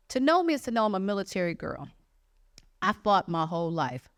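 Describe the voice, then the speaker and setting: A woman's voice: medium pitch, sing-song, brisk. A woman stand-up comedian from Michigan telling a brash, profane story and acting out the quotes along the way. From Jackson, Michigan, USA.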